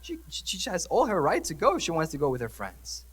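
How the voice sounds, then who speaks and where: A man's voice: a little high, huge pitch swings, brisk, a bit bright, slightly rough. A young man, a priest, preaching a conversational sermon and asking the congregation questions. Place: church. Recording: church hall reverb.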